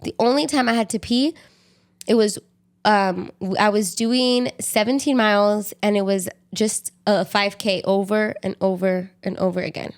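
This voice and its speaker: Woman, podcast co-host, young adult, casual chatty storytelling, mid-pitched voice. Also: moderate pace. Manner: chatty, animated storytelling with many fillers. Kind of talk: casual chat.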